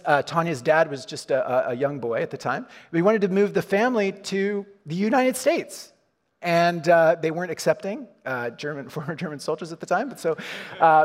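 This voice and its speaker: A man's voice: sits high, lively intonation, fairly quick. Conversational male pastor, reverberant hall. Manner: conversational, frequent restarts and chuckles. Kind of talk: sermon. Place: church hall.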